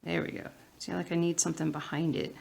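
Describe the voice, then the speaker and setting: A woman's voice: low-pitched, flat delivery, fast, vocal fry, darkish tone, slight background noise. A woman with a Southern US accent chatting casually while she stitches at home, muttering to herself and sometimes dropping into a whisper. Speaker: cross-stitch vlogger.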